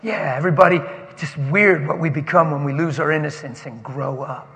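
A pastor giving an animated, emotional sermon that he breaks off to greet friends, recorded in a church sanctuary with a long reverb. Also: on the high side, fairly quick, creaky. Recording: long reverb of a large hall.

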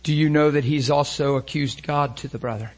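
A male preacher with a husky, slightly raised voice delivers an intense sermon. He moves from loud, emphatic declarations to soft, hushed lines and keeps pressing his congregation with rhetorical questions. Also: a little high, steady tone, a little fast.

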